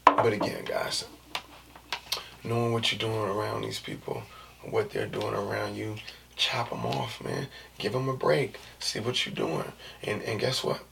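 A man in his thirties riffs in a relaxed monologue, his voice gravelly and creaky. He talks loose and slangy, jumping into whispers, and he sits a little back from a mic with faint hiss behind him. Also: lowish voice, unhurried, recorded from a distance. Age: 30s. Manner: loose, slangy and animated, drops into whispers and jokey put-on voices. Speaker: vlogger. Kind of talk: casual monologue.

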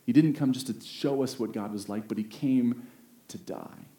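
A man's voice: medium pitch, mellow. Earnest male pastor preaching in an echoey room. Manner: earnest, building to emphatic peaks with slowed key phrases. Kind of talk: sermon. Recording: roomy echo.

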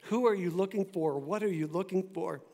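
Animated, high-voiced male pastor preaching. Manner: conversational, animated preaching with quick asides. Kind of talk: sermon. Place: church.

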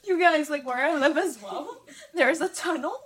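A woman's voice: sits high, animated, moderate pace. A young woman, a podcast guest, chatting casually and telling stories, often filling with "like" and talking to listeners as "you guys". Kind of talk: casual chat.

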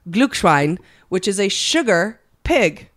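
A woman's voice: on the low side, lively intonation, normal speed, a bit bright. A woman co-hosting a podcast in casual chat, joking and swearing as she reads out trivia. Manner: joking, profane, reads facts aloud. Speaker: podcast co-host.

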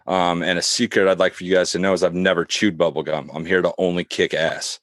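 A man's voice: sits low, level tone, fairly quick, fairly bright tone, no echo, clean studio sound. A man playing a brash, boastful male football coach candidate in a comedic mock job interview. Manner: swaggering, cocky boasts.

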